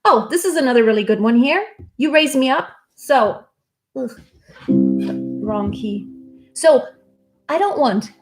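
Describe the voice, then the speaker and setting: A woman's voice: high voice, expressive, normal speed. A woman singing teacher talking casually through a vocal lesson, breaking off to demonstrate. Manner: chatty, demonstrating by singing snippets. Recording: loud music playing behind.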